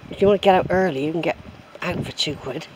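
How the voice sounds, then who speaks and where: A man's voice: a little high, fast, noisy background. A man chatting to viewers while hiking outdoors, rambling and friendly, filmed on a handheld camera. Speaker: hiker filming his walk. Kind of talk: casual walking vlog. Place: outdoors on a hillside path.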